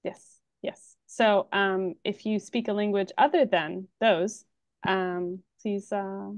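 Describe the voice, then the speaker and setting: A woman organizing a translation project, answering eagerly and quickly in an online meeting. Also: mid-range voice, fairly even intonation, no echo. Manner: eager, quick, many yeahs. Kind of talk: casual online meeting talk.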